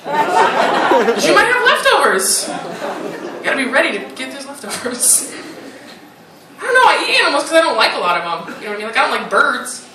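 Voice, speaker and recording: A woman performing a stand-up comedy set on a club stage, animated and teasing. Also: high-pitched, moderate pace, pauses often. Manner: animated, teasing, playful put-on voices. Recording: roomy live club recording from a distance, loud noise.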